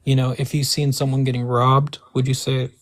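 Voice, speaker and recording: A man debating on a call, speaking hesitantly and softly in wordy, careful phrasing. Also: medium pitch, little pitch movement, normal speed, poor audio. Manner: hesitant, wordy, soft-spoken. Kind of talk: online debate. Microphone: call mic.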